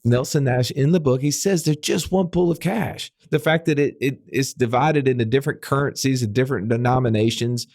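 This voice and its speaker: A man's voice: medium pitch, a little fast, hardly any pauses, a little mellow, dry recording, studio quality. A man hosting a finance podcast, explaining ideas through rhetorical questions. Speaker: podcast host. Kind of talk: casual finance podcast chat.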